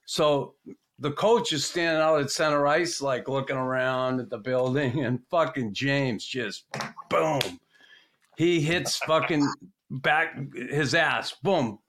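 A man's voice: mid-range voice, slow, a bit bright, a little hiss or hum. A man hosting a podcast, telling profane locker-room anecdotes in a casual, laughing way. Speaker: podcast host. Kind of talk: casual storytelling chat.

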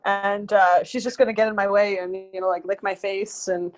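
A woman's voice: mid-range voice, little pitch movement, moderate pace, soft background music. Woman, pest control worker, casual chat, rambling, lots of fillers. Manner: chatty, rambling, many fillers.

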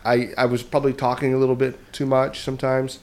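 A man's voice: mid-range voice, completely flat delivery, fast talker, a little mellow. Man, casual podcast storyteller; rambling, self-deprecating, keeps tagging "right?". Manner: rambling, self-mocking, often adds "right?". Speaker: podcast co-host telling a story.

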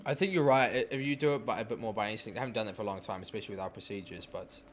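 A man's voice: on the low side, racing, a little hiss or hum. A man co-hosting a podcast, talking candidly and easily in casual chat.

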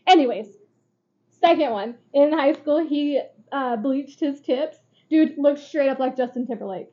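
A woman's voice: high-pitched, unhurried, mellow. A woman co-hosting a casual podcast chat, laughing often, swearing freely and acting out what people said. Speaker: podcast co-host. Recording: dull lo-fi recording.

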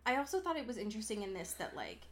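A woman's voice: a little high, sing-song, rapid-fire, fairly bright tone, a little hiss or hum. A young woman co-hosting a podcast, recapping a show in a casual, thoughtful way with many fillers. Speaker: podcast co-host.

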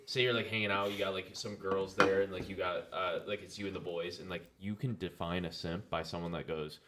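Very deep-voiced man, rambling. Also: fairly even intonation, a little fast, fairly bright tone, slight background noise. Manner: rambling, heavy on filler words. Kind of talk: casual podcast chat.

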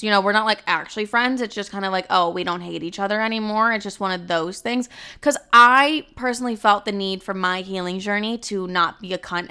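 A woman's voice: mid-range voice, sharp tone, smooth. A woman in her twenties hosting a casual solo podcast, chatty and dramatic, swearing freely. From Chicago. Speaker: podcast host.

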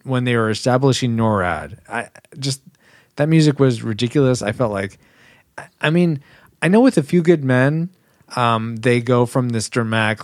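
A man co-hosting a casual podcast, animated and laughing often as he reads out listener comments. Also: mid-range voice, no room sound, clean studio sound. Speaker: podcast co-host.

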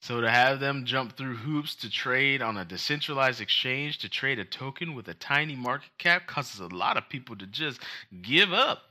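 A young man with a very bright, forceful voice and mid-range pitch, co-hosting a casual chat podcast. He talks with animation and rants with passion. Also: moderate pace, hardly any pauses. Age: young adult. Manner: animated storytelling, mocking put-on voices. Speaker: co-host.

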